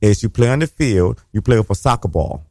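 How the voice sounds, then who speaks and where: A man's voice: fairly low pitch, lively intonation, a little fast, dark tone, dry recording, studio quality. A man co-hosting a casual chat show, talking in a campy, sassy, gossipy way. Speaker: podcast co-host.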